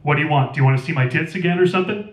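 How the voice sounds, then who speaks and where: A woman's voice: deep voice, racing, natural voice. A male author reading aloud, voicing a defiant, angry teenage girl who snaps back at her boss. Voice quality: sharp, defiant retorts. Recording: roomy store, distant mic.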